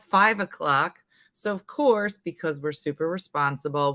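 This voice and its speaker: Woman, New Jersey accent, live-stream host, slightly hoarse, bright forceful voice, lowish pitch, rambling chatty manner. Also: no echo. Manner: chatty, rambling, laughs at herself. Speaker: morning show host. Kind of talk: casual live-stream chat.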